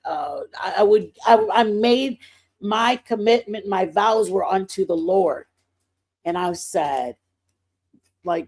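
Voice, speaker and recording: Animated woman telling faith stories. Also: mid-range voice, takes it slowly. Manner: animated, breaking into excited outbursts. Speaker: livestream host. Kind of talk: casual faith storytelling.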